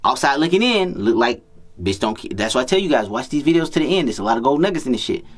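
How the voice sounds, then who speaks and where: A man telling a story to his viewers in loose street slang, swearing freely and circling back over the same phrases. He talks as a dating coach in a casual monologue. His voice sits at an ordinary middle pitch for a man. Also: sing-song, fast talker. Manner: slangy, profane, repetitive street talk.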